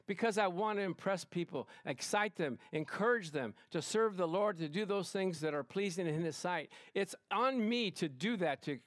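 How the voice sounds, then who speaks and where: A male pastor preaching a lively sermon to his congregation, emphatic and excitable, often calling out "Amen?". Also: high-pitched, moderate pace, hardly any pauses, no echo, studio quality. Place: church service in front of a congregation.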